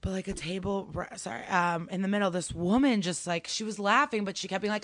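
A woman's voice: mid-range voice, fairly quick, no room sound, clean studio sound. A woman stand-up comedian telling stories in casual chat, acting out the voices of people she quotes. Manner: animated storytelling, acts out quotes.

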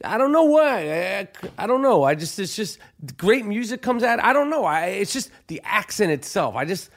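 A man with a New York accent hosts a podcast in loose, rambling chat. His voice sits high for a man, and he stammers through restarts and swears freely. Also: big pitch swings, normal speed. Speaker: podcast host.

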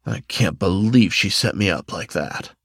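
Audio storybook: a low, anxious male dragon, exasperated, read by a man in his own voice. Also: expressive, measured pace, vocal fry, husky, dry recording, studio quality, exaggerated voice.

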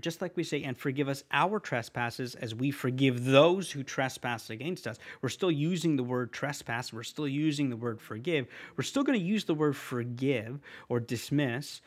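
A man teaching a prayer in Latin as a language lesson, patiently repeating each phrase slowly and clearly. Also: mid-range voice. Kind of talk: slow spoken language lesson.

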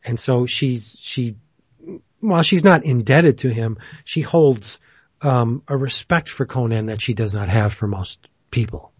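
A man's voice: mid-range voice, a little slow, darkish tone, slightly rough, dry recording. A man hosting a casual chat who rambles enthusiastically, with plenty of fillers. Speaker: podcast host.

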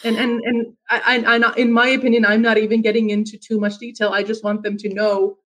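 A woman's voice: on the high side, level tone, brisk, hardly any pauses, a bit bright, poor audio. A woman in her thirties from Finland, chatting casually on a podcast, telling stories with lots of restarts and quoted asides. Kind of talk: casual chat.

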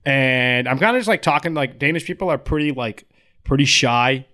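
A young man casually telling a rambling, profane story in a relaxed podcast chat. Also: medium pitch, moderate pace.

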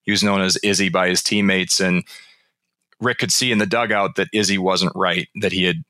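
A man's voice: sits low, fairly even intonation, moderate pace, pushed and bright, no room sound. A man being interviewed about his book, explaining research and telling anecdotes in a conversational way. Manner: storytelling, explanatory, frequent restarts.

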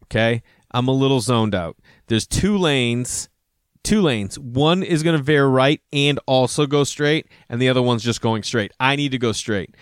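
A man's voice: medium pitch, clean tone, no echo, clean studio sound. A man in his thirties telling rambling, profane stories in a casual monologue, acting out both sides of each conversation.

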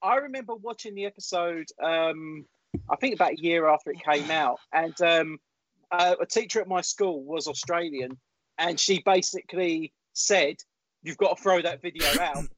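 High-pitched guy co-hosting a podcast, kinda halting, dull dry sound. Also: fairly bright tone. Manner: hesitant, many fillers and restarts. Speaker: podcast co-host. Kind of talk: podcast chat, storytelling.

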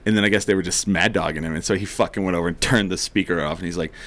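A man with a fairly low voice tells a rowdy story in casual chat. He swears freely and laughs often, and he acts out the other people's lines as he goes. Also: fairly even intonation, racing, a bit bright.

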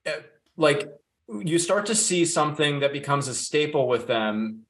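A man's voice: on the high side, expressive, moderate pace, fairly bright tone. A man who is a filmmaker, a guest on a film podcast, musing thoughtfully in casual chat.

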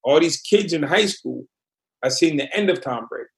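Brief: middle-aged man, slightly high voice, lively first-person storytelling guest. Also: moderate pace, vocal fry. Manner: animated storyteller, acts out quotes. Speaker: podcast guest. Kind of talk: storytelling interview.

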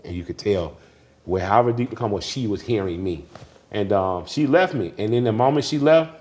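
A man, a guest telling family stories candidly, swinging between laughter and quiet grief. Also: on the low side, lively intonation, brisk. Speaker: interview guest. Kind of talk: candid conversational storytelling.

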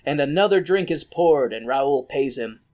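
Male comedy podcast co-host, slightly raspy, very lively pitch, swears freely, quick to do voices. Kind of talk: casual comedic recap.

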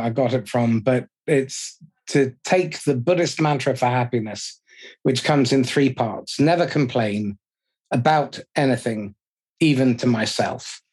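Slow, measured man hosting. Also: mid-range voice, darkish tone, breathy edge. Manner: measured, reflective, describes an exercise step by step. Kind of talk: podcast conversation.

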